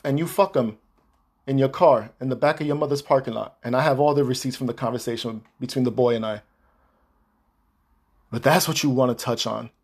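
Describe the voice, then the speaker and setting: A man's voice: on the high side, darkish tone. A man hosting a podcast, delivering a heated, profane, repetitive monologue addressed to an ex-partner. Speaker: podcast host.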